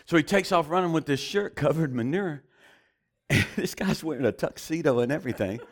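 A preacher telling a story in a sermon, animated and often chuckling as he goes. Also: a little high, a little fast.

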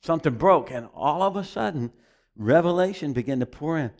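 A man's voice: on the high side, lively intonation, fairly quick, vocal fry, darkish tone. A man preaching a sermon as pastor, emphatic and repeating phrases for emphasis.

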